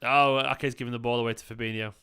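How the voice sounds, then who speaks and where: A man hosts a live football watchalong, chatting casually and gushing thanks to his viewers between remarks on the game. His voice is bright and clean, with loose, frequent swearing. He sounds tired and a bit emotional. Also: mid-range voice, little pitch movement, fast talker, smooth. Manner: effusive, swears freely, thanks viewers by name. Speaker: streamer hosting a football watchalong. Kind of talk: casual live-stream chat and commentary.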